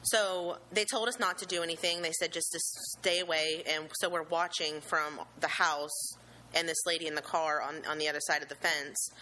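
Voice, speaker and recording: A young woman nervously recounting a frightening event she saw, halting and earnest, with many pauses and restarts. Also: deep voice, fairly even intonation, pushed and bright, low-quality recording. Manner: earnest and emotional, with religious gratitude. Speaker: eyewitness telling her story. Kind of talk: personal account, unscripted.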